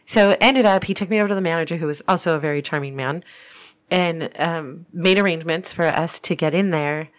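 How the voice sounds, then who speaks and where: A woman's voice: deep voice, a little fast. A woman hosting a paranormal podcast, telling a story in a chatty, rambling way with frequent restarts. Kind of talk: casual storytelling.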